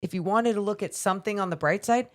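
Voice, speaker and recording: A woman co-hosting a casual sports talk livestream, chiming in with quick interjections and teasing banter. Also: medium pitch. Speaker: sports podcast co-host.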